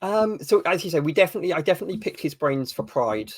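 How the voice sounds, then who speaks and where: A man's voice: on the high side, expressive, fast, husky. Thoughtful guy answering interview questions, bit hesitant, dry jokes, no room echo at all. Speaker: author as guest.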